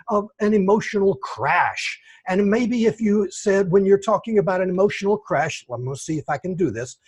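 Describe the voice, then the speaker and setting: A man evaluating a speech at an online club meeting, giving encouraging feedback in slow, deliberate phrases over a video call. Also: high-pitched, a little mellow, breathy edge. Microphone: computer mic on video call.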